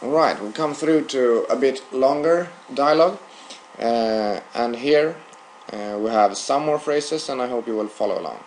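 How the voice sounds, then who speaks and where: A man teaching a recorded language lesson, with frequent "uh" fillers and a steady delivery. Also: mid-range voice, measured pace, slight background noise, low-quality recording.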